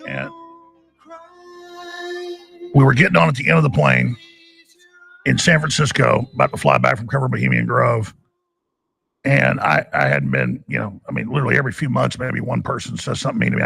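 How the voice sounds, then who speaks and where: A man's voice: mid-range voice, wildly swooping pitch, fairly quick, vocal fry, pauses often, a bit bright, husky, soft background music. A man hosting a radio talk show, telling a long story in a rambling, urgent way with many restarts.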